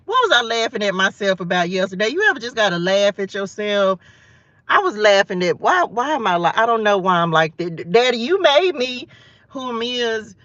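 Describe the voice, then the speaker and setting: A woman's voice: mid-range voice, very animated, normal speed, a bit bright, no room sound, muffled recording. A woman from the American South, hosting a casual morning Bible study livestream from her car, chatty, playful, laughing at herself. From Southern United States. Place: parked car.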